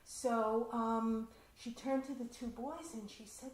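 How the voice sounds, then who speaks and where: A woman performing a personal story at a community event, with a chatty, animated telling and asides. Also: fairly high pitch, slow, few pauses. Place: community center hall. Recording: roomy hall with faint noise.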